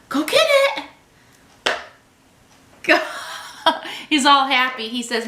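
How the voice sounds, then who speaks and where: A woman's voice: high-pitched, sing-song, very slow, pauses often, sharp tone, echoey room. A woman vlogger unboxing a subscription box at home, gushing over each item and cooing to her cat. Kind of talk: casual unboxing chat.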